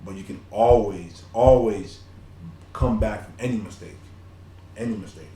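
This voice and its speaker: A man's voice: lowish voice, moderate pace, mellow. A man from Nigeria co-hosting a podcast, giving motivational talk in an earnest, repetitive way with many restarts. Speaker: podcast co-host. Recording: roomy echo.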